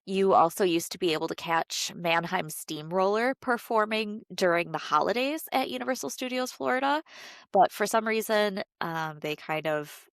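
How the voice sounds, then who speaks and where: A woman's voice: mid-range voice, normal speed, clean tone, no room sound, clean studio sound. A woman co-hosting a podcast in casual chat, nasal from a cold, talking loosely with lots of fillers. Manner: chatty, many fillers, laughs often. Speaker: podcast co-host.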